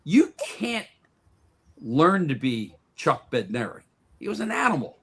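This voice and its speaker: A man's voice: fairly high pitch, big pitch swings, unhurried, a bit bright, husky. A man who is a guest on a sports talk radio show, telling stories in a casual chat and often restarting and repeating words.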